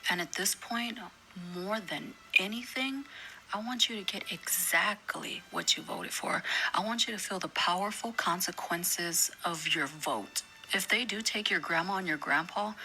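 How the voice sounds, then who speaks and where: A woman with a lowish, bright voice lectures the viewer in casual reaction commentary. She is stern and unforgiving and speaks deliberately. Faint room noise hums underneath. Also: low-quality recording. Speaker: commentator reacting to a viral video.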